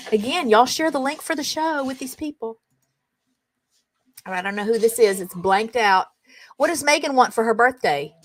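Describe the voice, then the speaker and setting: A middle-aged woman hosting her own show, chattily reading funny texts aloud and breaking into giggles. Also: mid-range voice. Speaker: show host. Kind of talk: casual reading aloud and chat.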